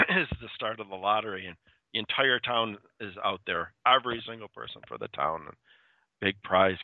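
A man's voice: sits low, no echo. A man casually retelling a spooky story, chatty and full of fillers. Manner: chatty, with fillers and quoted voices. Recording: dry, tinny phone-like sound.

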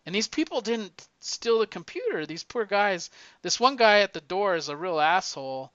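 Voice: medium pitch, very animated, moderate pace, a bit bright, no room sound. A podcast co-host casually retelling a movie plot, rambling and swearing, with lots of "like" and restarts. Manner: rambling and profane, heavy use of "like". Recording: dull lo-fi recording.

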